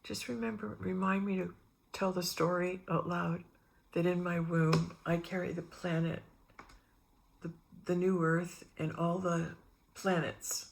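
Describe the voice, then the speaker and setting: Gravelly low-voiced middle-aged woman rambling. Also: a little slow, a little hiss or hum. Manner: meandering, animated re-enactments with quoted voices. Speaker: spiritual vlogger. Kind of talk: rambling personal storytelling.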